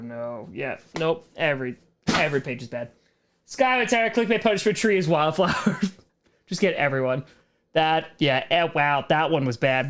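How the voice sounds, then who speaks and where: A man with a fairly high voice hosts a relaxed livestream question-and-answer session. He rambles, cuts himself off and laughs between thoughts, then turns earnest when sharing his views. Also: clear, resonant tone. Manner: rambling, self-interrupting, laughs often. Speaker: streamer host. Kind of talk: casual livestream Q&A chat.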